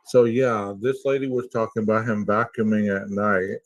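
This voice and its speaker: A man's voice: on the low side, level tone, moderate pace, no room sound, poor audio. A man co-hosting a podcast, musing aloud and asking rhetorical questions in a casual way. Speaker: podcast co-host. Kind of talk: casual commentary.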